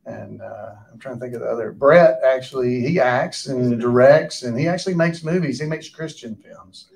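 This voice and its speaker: A man's voice: medium pitch, moderate pace, creaky, a little mellow. A man from Alabama with a Southern accent, moderating a live cast Q&A in a chatty, joking way. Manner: chatty, joking, fields questions. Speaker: actor and Q&A moderator. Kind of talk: live audience Q&A.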